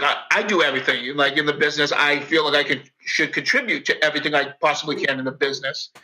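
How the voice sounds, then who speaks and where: A man with a Boston accent and a fairly high voice is heard on a low-quality recording. As a podcast guest in casual chat, he's a profane, rambling, and animated storyteller.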